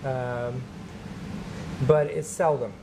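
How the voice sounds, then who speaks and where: A man, a stand-up comedian, telling a long anecdote in casual chat, animated and laughing between lines, with many fillers. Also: mid-range voice, extremely slow, noisy background.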